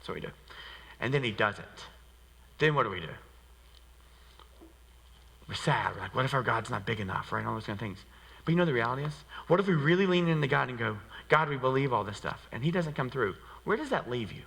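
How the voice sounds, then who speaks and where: A pastor preaches in a church sanctuary into a handheld microphone, his mid-range voice fairly quick, creaky and slightly rough, with long pauses. He's conversational and animated, tossing in many rhetorical "right?" asides. The recording is low quality with a long reverb tail.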